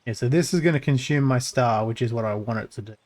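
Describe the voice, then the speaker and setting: Speaking fast and a little mellow, a man gives loose commentary on his game as he streams. His voice gets crackly when dropped low, and he works through his thoughts aloud with many fillers and restarts.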